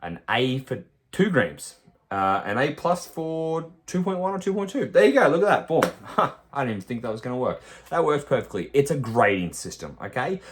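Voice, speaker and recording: A man speaks as a fitness coach in a podcast monologue, forceful and lecturing. He swears freely and hammers his points home. His voice sits in a mid range. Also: mid-range voice, very animated, normal speed, slight background noise.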